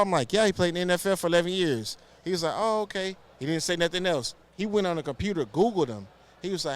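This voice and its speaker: A man from Houston, co-hosting a podcast and telling animated stories in casual chat. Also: a little high, quick pace. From Houston, Texas. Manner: animated storytelling, acts out quotes. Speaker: podcast co-host.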